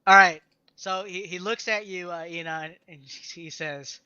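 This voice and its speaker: A man who is the game master, narrating a tabletop game in a casual, halting way, on a muffled lo-fi mic. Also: sits high, fairly even intonation, pushed and bright, smooth, no echo.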